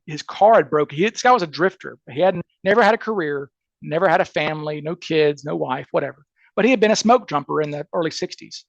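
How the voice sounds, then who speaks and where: A man, a criminal defense attorney, telling a story casually as a podcast guest, animated and restarting often. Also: on the high side, dry recording, lo-fi sound. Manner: animated, acts out quoted voices, frequent restarts.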